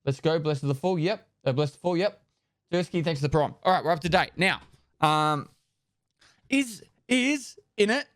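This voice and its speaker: Speaking into a close desk mic, a slightly high-voiced man reads out subscriber thank-yous on his live stream, firing off names in quick bursts. He's loose and jokey, swearing now and then, and the recording is dry.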